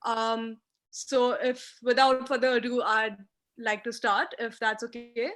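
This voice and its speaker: A woman's voice: a little high, little pitch movement, measured pace, a bit bright. A young woman giving an online lecture on moot court skills over a video call, speaking in an emphatic, instructive way. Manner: emphatic, instructive, talks with hand gestures. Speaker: guest speaker teaching mooting.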